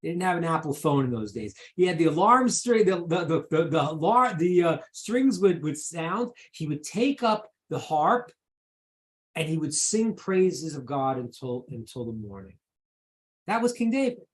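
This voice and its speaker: A middle-aged man speaks as a rabbi teaching over a video call. His pitch swings widely as he stresses points, and he often repeats words while he builds an idea. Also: normal speed. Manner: animated, repeats words, lively emphasis.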